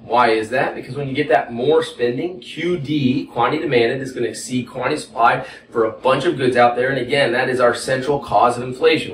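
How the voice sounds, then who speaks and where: An economics instructor with a Texas accent lectures at a whiteboard in a folksy, conversational way, frequently checking in with "okay?". His medium-pitched voice comes through poorly, far from the mic in an echoey room with a little hiss or hum.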